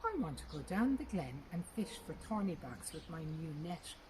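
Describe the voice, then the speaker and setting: A woman's voice: very animated, normal speed, background noise. A woman voicing a small, willful, jealous boy in a storybook reading. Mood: eager. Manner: high, insistent child's pleading.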